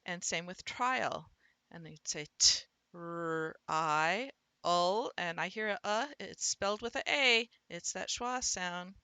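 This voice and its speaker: A woman teaching reading, explaining words step by step and sounding them out slowly as she thinks aloud. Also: mid-range voice, bright, forceful tone, no echo. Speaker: literacy instructor.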